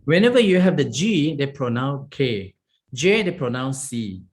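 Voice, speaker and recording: A man's voice: mid-range voice, sing-song, unhurried. A man teaching a beginner Pali lesson as a monk, drilling sounds one at a time, checking in with "okay?" and chuckling as he goes. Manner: chuckles often while explaining.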